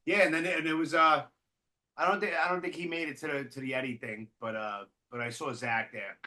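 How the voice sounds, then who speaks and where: Bright-voiced laid-back podcast host. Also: male voice, a little high, fairly even intonation. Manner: laid-back, profane, quick agreeing interjections. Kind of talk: casual chat.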